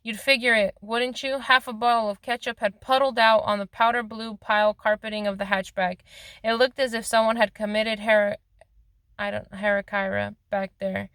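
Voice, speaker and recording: A woman's voice: medium pitch, level tone, moderate pace, fairly bright tone, no echo. Woman reading a novel aloud, dry sound. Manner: plain reading with occasional slips and restarts. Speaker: reader of a novel.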